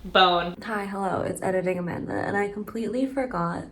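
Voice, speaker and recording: A woman's voice: medium pitch, brisk, noisy background. Young woman rambling about a book, lots of "like", echoey room. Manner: rambling, lots of filler "like"s, playful. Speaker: book reviewer. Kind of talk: casual chat. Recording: roomy echo.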